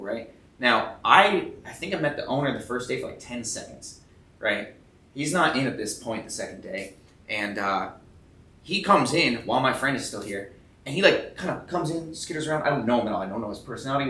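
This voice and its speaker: At a tattoo convention, a young male tattoo artist guest rambles through a long story in casual conversation, swearing a lot and acting out what people said. His voice is mid-range, bright and forceful, but he sits far from the mic, so the sound is roomy and a bit off-mic.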